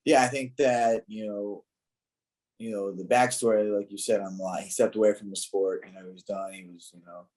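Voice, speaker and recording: A man's voice: lowish voice, steady tone, moderate pace, a little mellow, low-quality recording. A man co-hosting a casual podcast, talking loosely with lots of filler words and easy banter. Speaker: podcast co-host, fighter. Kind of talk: casual chat.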